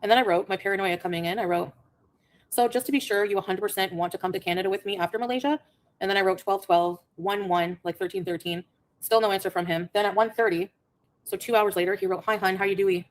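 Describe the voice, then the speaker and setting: A woman rattles through a story at high speed, exasperated and reading out a string of text messages. Her voice sits mid-range and her delivery is casual. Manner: rapid, exasperated, reads messages aloud. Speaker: vlogger.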